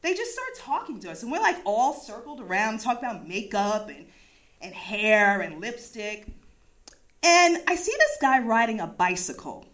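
A woman from the East Coast of the USA telling a personal story in a casual, animated way, laughing often and swearing freely. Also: on the high side, normal speed.

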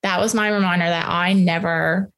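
Brief: woman guest, emotional and halting, personal story. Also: on the low side, steady tone, a bit bright. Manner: emotional, halting, many restarts.

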